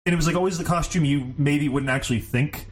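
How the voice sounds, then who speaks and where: A man's voice: a little high, quick pace, a little hiss or hum. A man co-hosting a casual podcast, telling stories with lots of laughter and swearing. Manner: laughing, animated storytelling with profanity. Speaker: podcast co-host.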